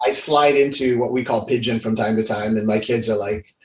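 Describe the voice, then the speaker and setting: A man's voice: on the low side, steady tone, a little fast. A man from Hawaii, a guest on an interview show, talking casually and with energy, acting out the dialogue he quotes. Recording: roomy echo.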